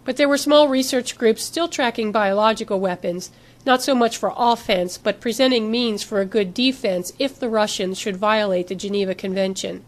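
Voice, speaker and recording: A woman narrating a novel in an even, steady scripted reading. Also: medium pitch, normal speed. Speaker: audiobook narrator.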